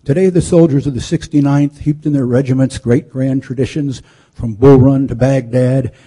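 A man narrating a historical story in a measured, solemn way, now and then stumbling and correcting a word. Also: mid-range voice, warm tone, husky. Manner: measured, solemn delivery with occasional slips.

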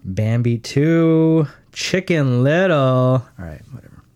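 Teasing man with a lively voice. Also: medium pitch, slow, no room sound, lo-fi sound. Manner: teasing, crude jokes, trails off into mutters. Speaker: podcast co-host. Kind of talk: casual chat.

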